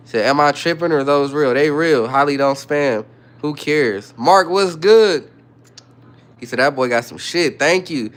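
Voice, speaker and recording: A man's voice: on the high side, fairly bright tone. A young man from the Bay Area hosting a casual livestream, reading viewer comments aloud and greeting people as they join. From California, Bay Area. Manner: laid-back, reads chat comments aloud and greets viewers. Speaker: livestream host.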